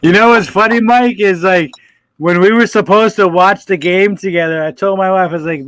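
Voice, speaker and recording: A man hosting a reptile breeder's live stream, chatting with callers in loud, teasing, swearing banter. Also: high voice, moderate pace, dry recording, poor audio. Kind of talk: casual chat with callers.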